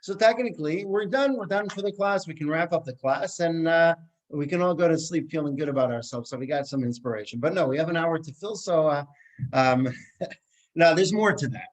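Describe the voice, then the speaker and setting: A man teaching a Torah class as a rabbi, telling stories in an animated way that swings between quiet and emphatic. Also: on the high side, a little fast, low-quality recording. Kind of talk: Torah class lecture with storytelling.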